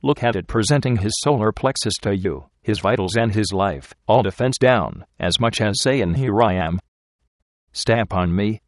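A man reading the part of a blunt, rough working-class young man who talks in plain, ungrammatical folksy speech. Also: on the low side, moderate pace, dry recording, clean studio sound, natural voice. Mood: earnest. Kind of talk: audiobook character reading.

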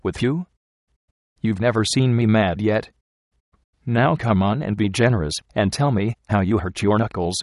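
A man voicing a loving young wife who gently coaxes her husband to confide in her. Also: fairly low pitch, normal speed, no room sound, studio quality, close to an everyday voice. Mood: teasing. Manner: gentle, coaxing and earnest.

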